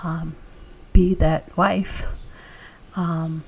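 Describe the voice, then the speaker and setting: A woman sharing a personal faith testimony, telling her story with emotion and often dropping into a breathy whisper. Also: low voice, level tone, extremely slow, slight background noise.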